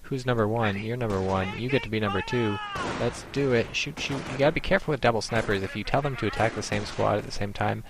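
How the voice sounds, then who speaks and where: A man's voice: lowish voice, fast, gravelly, hardly any pauses, noisy background. A man giving casual, rambling commentary on a strategy game, explaining tactics with many ums.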